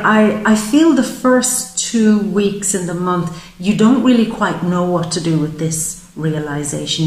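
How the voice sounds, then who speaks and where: A woman's voice: fairly low pitch, a little mellow, echoey room, rough recording. A woman giving a psychic tarot reading, speaking with emotion and voicing the feelings she senses in the listener. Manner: emotive, voices the querent's feelings. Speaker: tarot reader.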